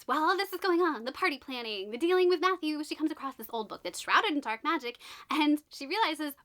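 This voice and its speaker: A woman's voice: high-pitched, sing-song, fairly quick, bright, forceful tone. A woman vlogging a book unboxing in a chatty, gushing way, full of exclamations and asides.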